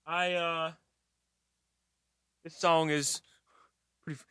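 A young man co-hosting a casual podcast, chiming in with quick replies and laughter. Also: fairly high pitch, little pitch movement, a bit bright, clear, resonant tone, no room sound, clean studio sound. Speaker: podcast co-host. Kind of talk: casual chat.

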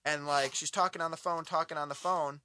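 A young man co-hosting a casual podcast, telling a horror movie plot in a profane, animated way and acting out yelling at the screen. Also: a little high, brisk. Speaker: podcast co-host. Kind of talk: casual movie review chat.

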